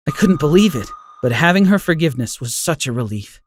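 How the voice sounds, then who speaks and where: A male text-to-speech voice reading a first-person story with an even, expressive delivery. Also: a little high, fairly quick, few pauses, dry recording. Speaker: story narrator.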